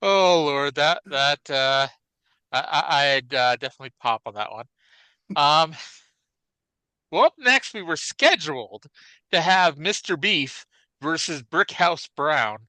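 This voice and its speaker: Lively, bright-voiced man co-hosting a podcast. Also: fairly high pitch, takes it slowly, dry recording, rough recording. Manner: animated, rambling, frequent restarts and fillers. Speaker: podcast co-host. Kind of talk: casual chat about classic wrestling.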